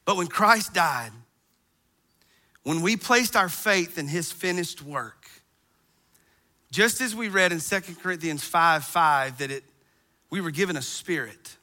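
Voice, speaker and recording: A middle-aged pastor preaching with an animated, storytelling delivery. His voice is high and very bright, and it cuts right through. He acts out groans and sighs to bring his stories to life. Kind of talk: sermon.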